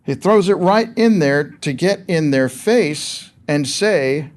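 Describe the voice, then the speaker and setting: A man's voice: on the high side, animated, takes it slowly, darkish tone. A man preaching a sermon in a conversational, emphatic way, asking rhetorical questions of his listeners.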